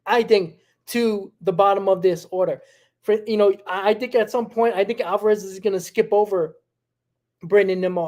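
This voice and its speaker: A man co-hosting a sports talk show, talking casually and haltingly with frequent restarts. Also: sits high, a little mellow. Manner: halting, lots of restarts and fillers. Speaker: podcast co-host.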